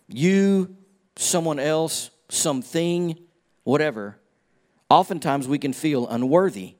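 A man in his fifties preaching a sermon, telling a personal story with folksy humor and moving between hushed moments and emphatic points. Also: mid-range voice. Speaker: pastor.

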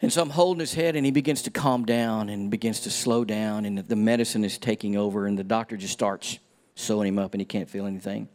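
A man's voice: lowish voice, fairly even intonation, quick pace, a little mellow. A middle-aged man preaching, telling a personal story and calling for amens from the congregation.

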